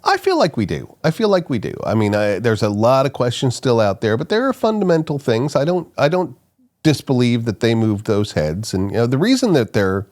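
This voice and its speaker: A middle-aged man, an archaeologist guest, telling stories in a casual interview, animated and quick to laugh. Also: medium pitch. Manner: animated, laughs often, restarts sentences.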